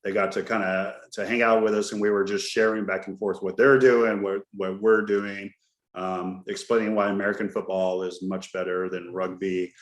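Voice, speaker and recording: A man's voice: on the low side, level tone, normal speed. A middle-aged man hosting a podcast, talking in a loose, jokey way and spinning stories as he goes. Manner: chatty storyteller, jokey and loose. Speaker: podcast host. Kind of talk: casual chat. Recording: roomy echo.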